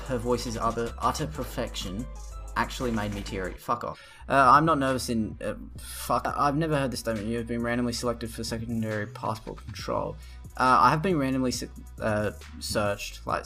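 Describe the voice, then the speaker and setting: A man's voice: mid-range voice, bright, forceful tone. A young man in a casual vlog, ranting sarcastically with lots of swearing as he reacts to what he reads. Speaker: vlogger. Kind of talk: profane reaction rant.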